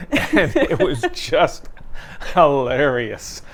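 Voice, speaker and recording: This newspaper talk show co-host speaks slowly in an animated, mid-range voice. He chats casually, telling stories and laughing frequently.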